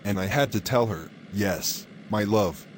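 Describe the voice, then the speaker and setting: A man voicing a sly male tenant who flatters his landlord to his face and gloats about fooling him in private. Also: fairly low pitch, measured pace, a little hiss or hum, natural voice. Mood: pleading. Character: scheming male tenant faking poverty, sly.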